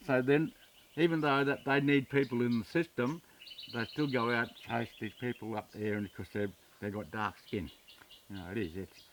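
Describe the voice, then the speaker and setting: Australian man, 70s, plain-spoken interviewee recounting old arguments, mid pitch, mic a bit distant. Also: a bit bright, a little hiss or hum. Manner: plain-spoken, retells arguments with reported speech. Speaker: interviewee, community chair. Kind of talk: documentary interview storytelling.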